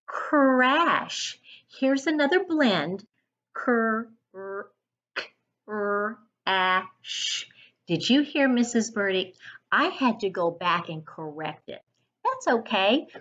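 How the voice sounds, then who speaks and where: A woman's voice: fairly high pitch, fairly bright tone, breathy edge, lo-fi sound. A woman reading teacher leading a phonics lesson for children, sounding out each letter and praising along the way.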